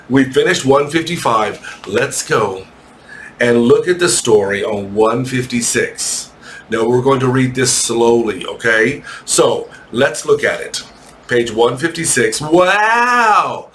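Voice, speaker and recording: A man teaching an English lesson to children, reading aloud slowly, spelling words and making joking asides. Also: medium pitch, fairly bright tone, slight background noise.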